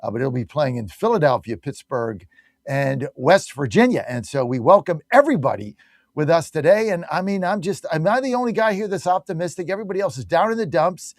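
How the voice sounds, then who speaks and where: A man's voice: fairly high pitch, animated, fairly quick, no room sound, studio quality. A man hosting a talk radio show, delivering an emphatic, combative opinion monologue full of rhetorical questions.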